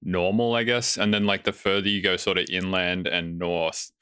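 A laid-back Australian man talking with a very low, deep voice. His tone is bright and crisp, and he drops casual swearing into an easygoing podcast chat. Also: little pitch movement, normal speed, no echo, studio quality. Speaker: podcast guest.

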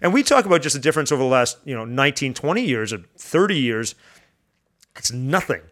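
A man chatting as a podcast guest, an animated storyteller whose voice jumps high when excited. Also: fast talker. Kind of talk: casual chat.

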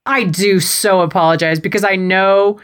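A woman with an American accent co-hosts a podcast in loose, joking chat. Her voice sits at a middle pitch, and her humor runs dry and profane. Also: steady tone, moderate pace, background noise. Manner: wry, sweary, jokey. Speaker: podcast co-host. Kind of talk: casual chat recapping a show.

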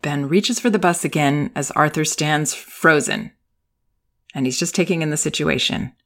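A woman hosting a parenting talk, speaking in a gentle, patient and measured way as she acts out calm phrases to say to young children. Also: low-pitched. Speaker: parenting educator and podcast host. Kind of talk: calm instructive talk with role-played examples.

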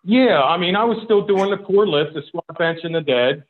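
Man, interview guest, slightly high voice, halting and relaxed, phone-like sound. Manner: relaxed, halting, with many fillers. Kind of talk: casual interview chat. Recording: tinny phone-like line.

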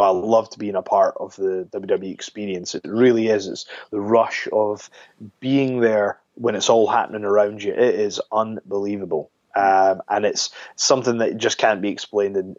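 A man with a lowish voice talks casually as an interview guest, circling back and restarting his sentences. The sound is dull and lo-fi and very dry, with no room around it. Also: dry recording. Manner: relaxed, rambling with many restarts.

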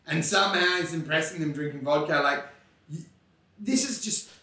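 A man co-hosting a casual comedy podcast, animated and full of swearing and mocking impressions. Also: fairly high pitch, normal speed, distant mic. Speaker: podcast co-host. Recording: roomy, off-mic.

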